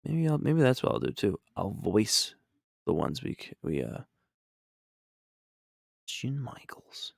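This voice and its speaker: A man's voice: lowish voice, big pitch swings, moderate pace, vocal fry, a little mellow, no room sound, studio quality. A man painting on a live stream, chatting casually and reacting to chat in an upbeat, rambling way.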